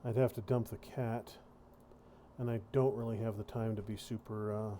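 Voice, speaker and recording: A man's voice: on the low side, level tone, moderate pace, dark tone, a little hiss or hum. A man hosting a gaming video, giving casual commentary and wryly muttering to himself as he plays.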